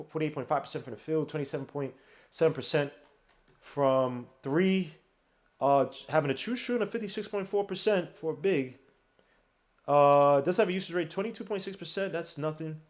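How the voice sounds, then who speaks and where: A man's voice: on the high side, darkish tone. Rambling male podcast host thinking aloud. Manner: rambling, thinks aloud with many fillers and restarts. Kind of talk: casual solo podcast talk.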